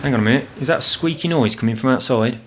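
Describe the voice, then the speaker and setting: A man's voice: mid-range voice, very fast. A man chatting casually over gameplay at home, rambling and swearing freely about his frustrations. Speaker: gaming channel host. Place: home apartment.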